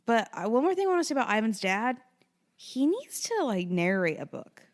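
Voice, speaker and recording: A woman's voice: fairly high pitch, sing-song, a little fast. Chatty young woman podcast co-host. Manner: chatty, loses her place, trails off mid-sentence. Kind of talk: casual chat.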